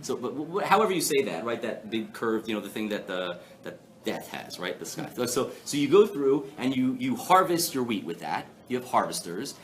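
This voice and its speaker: A man giving a live Torah class, animated and playful, asking the audience rhetorical questions. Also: medium pitch, moderate pace. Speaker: rabbi teaching a class. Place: synagogue hall before an audience.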